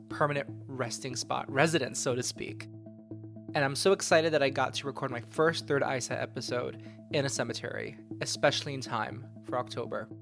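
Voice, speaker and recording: A man hosts a relaxed solo podcast from outdoors. His talk is chatty and meandering, full of self-corrections, and he speaks into a handheld microphone. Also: medium pitch. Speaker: podcast host, psychic medium. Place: outdoors in a cemetery. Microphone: handheld microphone recorded to a tablet.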